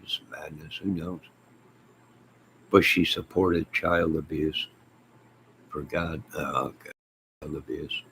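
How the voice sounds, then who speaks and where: A middle-aged man with a very low, deep voice chats loosely with his live viewers, wandering from point to point and answering their comments with mock exasperation. Faint background hum sits under his talk at home. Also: steady tone, takes it slowly, gravelly, long pauses, fairly bright tone. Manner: rambling, exasperated, talks back to chat comments. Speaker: YouTube live host. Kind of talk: rambling casual chat to viewers.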